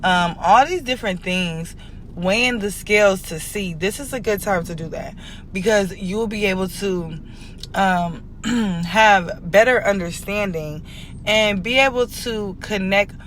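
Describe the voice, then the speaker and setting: A woman's voice: mid-range voice, measured pace, a little hiss or hum. A woman talking casually as an astrologer and spiritual reader, candid and emotional, rambling loosely and checking in with her viewers. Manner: addresses viewers directly, checks in often. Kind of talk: casual confessional astrology talk.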